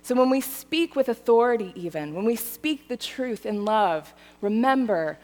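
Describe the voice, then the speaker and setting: A woman's voice: fairly high pitch, unhurried, few pauses, in a large hall. A woman preaching a sermon in a conversational way, often checking in with her listeners. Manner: animated, conversational, often asks the audience "right?" and "okay?". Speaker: pastor.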